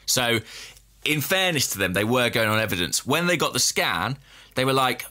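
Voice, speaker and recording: A man co-hosts a football podcast, telling a long, self-deprecating anecdote in casual conversation and laughing at his own mishaps. His voice is medium-pitched with big swings in pitch, a bright, forceful tone, and a normal pace.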